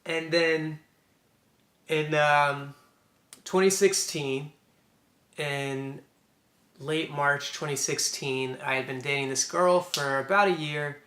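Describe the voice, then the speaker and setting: A man's voice: mid-range voice, fairly bright tone. A young man telling a personal story to camera, rambling and reflective with frequent restarts. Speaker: vlogger. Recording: echoey room.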